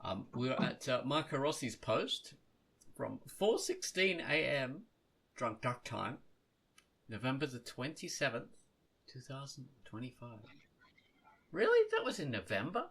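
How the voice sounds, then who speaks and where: Slow, animated man hosting a podcast. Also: mid-range voice, creaky, slightly rough. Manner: rambling, self-correcting, laughs at himself. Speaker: podcast host. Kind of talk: casual podcast chat.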